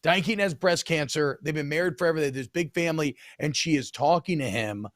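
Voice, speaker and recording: Animated man on a dry close mic. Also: a little high, fast talker, no echo. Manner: animated, self-mocking storyteller. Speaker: co-host. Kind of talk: casual sports podcast chat.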